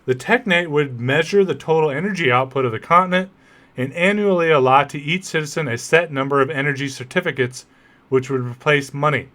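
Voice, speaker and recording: A man's voice: a little high, fairly quick, fairly bright tone. Man giving political commentary. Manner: conversational, rhetorical asides to listeners. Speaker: podcast host.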